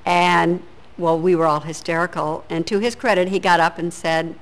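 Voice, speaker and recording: A woman, a sitcom actress, telling an anecdote in an expressive way. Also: fairly low pitch, moderate pace, poor audio. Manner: expressive, acts out quoted lines. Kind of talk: interview anecdote.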